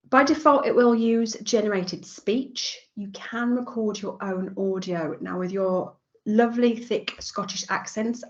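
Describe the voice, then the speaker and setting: English woman giving a software tutorial. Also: medium pitch, highs cut off. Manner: chatty, with frequent ums. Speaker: teacher trainer.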